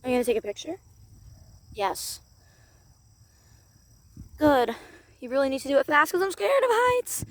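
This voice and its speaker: A woman narrating a playful doll role-play in an excitable voice, gasping and exclaiming as she goes. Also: high voice, normal speed, long pauses.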